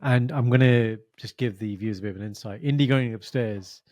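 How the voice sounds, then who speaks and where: A man's voice: medium pitch, fairly quick, a little mellow, no echo. A man co-hosting a podcast in casual chat, teasing and joking while a little under the weather. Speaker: podcast co-host.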